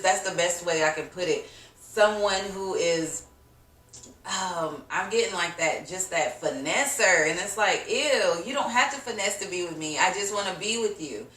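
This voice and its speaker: A woman gives a casual tarot reading in a chatty, slangy way, laughing often and acting out little reactions. Her voice sits a bit low. She sounds set back from the mic in an echoey room. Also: fairly bright tone, distant mic. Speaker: tarot reader.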